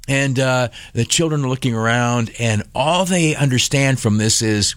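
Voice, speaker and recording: A man's voice: mid-range voice, normal speed, few pauses, fairly bright tone, no echo. A man hosting a talk radio show, telling a rambling, sarcastic, self-mocking story full of fillers and restarts. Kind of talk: rambling comic monologue. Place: radio studio. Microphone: studio mic.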